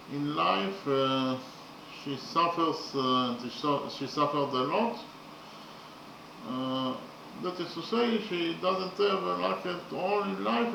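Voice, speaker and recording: A man teaching in a slow, methodical lecture, often hesitating with fillers. His voice sits a little high and sounds bright. The room around him is echoey, with a faint hiss underneath. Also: gravelly. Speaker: literature teacher.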